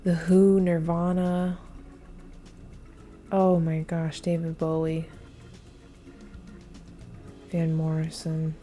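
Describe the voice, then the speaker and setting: A woman's voice: sits low, completely flat delivery, very slow, long pauses, dark tone, soft background music. A woman thinking aloud while taking a timed trivia quiz, flustered and muttering, with many hesitations. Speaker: quiz video creator.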